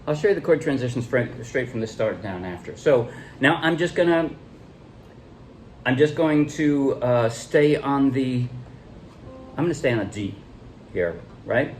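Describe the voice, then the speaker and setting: A man's voice: mid-range voice, a little hiss or hum. A man teaching a ukulele song, talking loosely with restarts as he counts beats and shows chord changes. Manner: relaxed, halting explanations with counting and calling out strums. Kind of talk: casual music tutorial.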